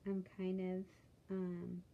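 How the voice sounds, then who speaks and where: A tired woman talking candidly in a casual video diary, with halting speech and many pauses and fillers. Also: fairly low pitch, completely flat delivery, vocal fry, lo-fi sound. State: tired, yawning. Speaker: vlogger.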